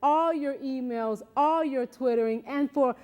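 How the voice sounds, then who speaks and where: A high-pitched woman co-hosting a promotion of upcoming network shows. She is enthusiastic and keeps affirming her partner. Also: measured pace, darkish tone, long reverb tail. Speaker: TV network co-host. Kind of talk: promotional show announcement.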